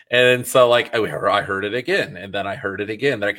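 A man hosting a podcast interview, chatting casually and enthusiastically at a quick clip. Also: lowish voice, fairly bright tone. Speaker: podcast host. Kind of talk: casual chat.

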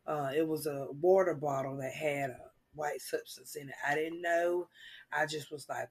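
A woman, guesting on a casual chat podcast and telling funny stories with animated quoted voices. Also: deep voice, moderate pace, slightly rough. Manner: animated, acts out quotes, laughs loudly.

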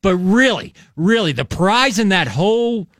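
A man from Maryland, co-hosting, emphatic and animated in casual banter. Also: high voice, a little slow, dry recording. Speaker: co-host. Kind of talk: casual sports talk banter.

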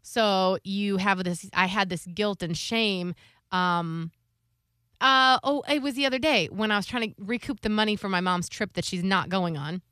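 A woman talks candidly on a podcast, with a bright, crisp tone. She tells confessional stories and acts out the people in them. The recording is close and dry, with no room sound. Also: medium pitch, normal speed, no room sound. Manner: open, confessional storytelling with lively quoted voices. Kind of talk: candid casual chat.

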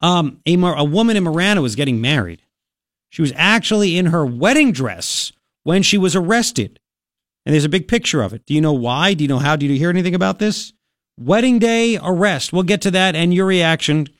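A man's voice: a little high, lively intonation, brisk, dry recording, clean studio sound. A man hosting a talk radio show, brash and joking, rambling in casual chat. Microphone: studio microphone.

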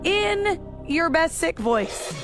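A woman hosts a morning radio game with a bright, high voice. She is bubbly and encouraging and laughs easily. Faint music plays under her. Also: sing-song, slow pace. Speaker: radio show host.

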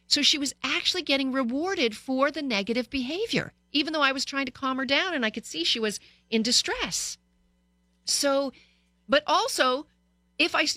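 A middle-aged woman hosts a radio talk show in a candid, conversational monologue. Her voice is bright and forceful. The studio sound is dry and close. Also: high-pitched, no echo. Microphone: studio microphone.

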